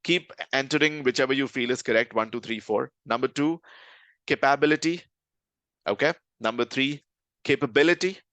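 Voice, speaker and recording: Trainer in a dry, close recording. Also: male voice, medium pitch, brisk, few pauses, a bit bright, dry recording. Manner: conversational, checks in with "right?" often. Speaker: communication trainer. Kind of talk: live online lesson.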